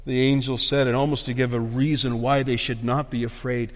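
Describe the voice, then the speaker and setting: A pastor preaching a sermon, emphatic and repeating key phrases, often dropping to a soft, hushed delivery. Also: male voice, mid-range voice, level tone, brisk. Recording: long hall reverb.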